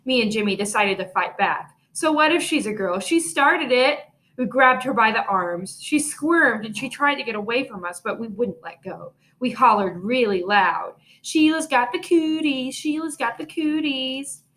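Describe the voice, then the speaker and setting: A woman teacher greeting her pupils and reading a chapter book aloud, gentle and encouraging, recorded at home. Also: medium pitch, expressive, normal speed, hardly any pauses. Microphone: home video recording.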